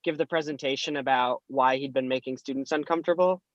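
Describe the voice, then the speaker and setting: A man's voice: medium pitch, fairly even intonation, quick pace, dry recording, highs cut off, lightly acted. A man playing a fumbling dean's assistant, all apologies and stumbles. He sounds close and dry, with a middle-register voice. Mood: apologetic. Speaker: improv performer. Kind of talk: improv scene.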